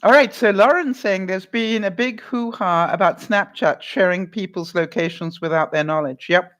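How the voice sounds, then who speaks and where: A woman's voice: mid-range voice, moderate pace. A middle-aged woman vlogger chatting casually with her live chat, reading out comments, laughing often and acting out little voices.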